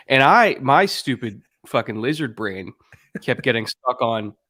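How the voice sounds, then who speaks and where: A podcast co-host chats casually and loosely, joking and occasionally swearing. His mid-range voice is bright, forceful and expressive at normal speed, and the recording is dry and studio quality.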